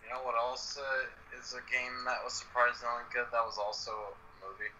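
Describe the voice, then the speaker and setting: A man's voice: mid-range voice, fairly even intonation, normal speed, sharp tone, low-quality recording. A man chatting about games with friends over voice chat, dry and casually profane, faint noise behind him.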